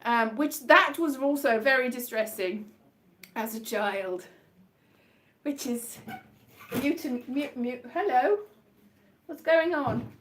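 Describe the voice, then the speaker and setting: Woman, high voice, chatty live-stream ramble from indoors at home. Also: lively intonation, slow pace, long pauses, fairly bright tone. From Wales. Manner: rambling, chatty, jumps between tangents. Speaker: comedian live-streaming to viewers. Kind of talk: casual live-stream chat.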